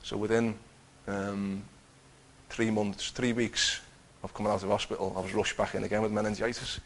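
Guy telling his faith story, earnest, lots of restarts, gravelly, faint room hum behind. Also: on the low side, level tone, normal speed. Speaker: testifying believer. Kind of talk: personal testimony.

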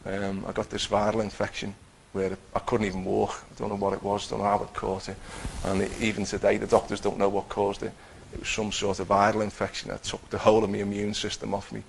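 A man's voice: lowish voice, monotone, a little fast, creaky, hardly any pauses, slight background noise, low-quality recording. A man telling a personal faith testimony in a conversational way, acting out what he and others said. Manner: conversational, acts out his own quotes, many restarts.

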